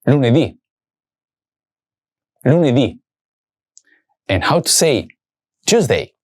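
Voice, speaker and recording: Male teacher, patient lesson delivery: unhurried, words repeated clearly, pitch moving a lot. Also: very animated, darkish tone. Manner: slow, careful repetition of words for learners. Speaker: language teacher. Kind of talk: scripted language lesson.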